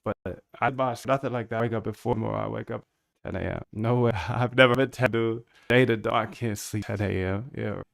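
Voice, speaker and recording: A young man with a gravelly, smooth voice talks casually on a live stream while he codes. He rambles and mutters half to himself, calling his viewers dude. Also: lowish voice, fairly even intonation, brisk. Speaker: streamer coding a trading bot.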